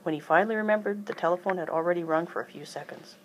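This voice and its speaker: A woman reading a children's chapter book aloud in an even storytelling manner. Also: on the low side, racing, dull audio, a little hiss or hum. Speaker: reader.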